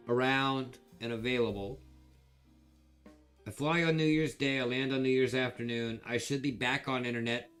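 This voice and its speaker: A man of typical pitch runs a casual livestream auction, rambling through stories and easily chatting with his audience. Quiet guitar music can be heard faintly behind him.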